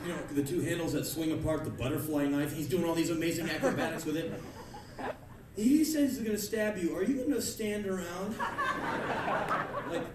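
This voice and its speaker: A man in his thirties giving a sarcastic, ranting spoken word monologue on a club stage, acting out the people he mocks with sudden shouts. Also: on the high side, normal speed, long pauses, noisy background. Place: large concert club stage. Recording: echoey live club recording from a distance, crowd laughter.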